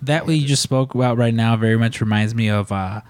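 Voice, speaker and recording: A man's voice: mid-range voice, a little fast, darkish tone. A man hosting a casual podcast, telling long rambling stories with lots of fillers and restarts. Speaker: podcast host.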